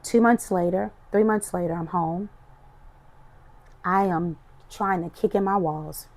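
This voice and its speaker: A middle-aged woman, a podcast guest, giving an emotional personal testimony in an expressive, animated storytelling manner. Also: on the low side, unhurried. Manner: expressive, animated storytelling, voices her past self.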